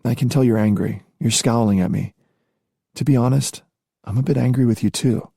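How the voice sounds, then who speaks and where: A man's voice: mid-range voice, moderate pace, gravelly, dark tone, husky, dry recording, clean studio sound, voice pushed up. A man voicing a spirited young tiger princess in an audiobook, playful and eager. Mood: teasing. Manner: teasing, eager. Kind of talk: audiobook character voice.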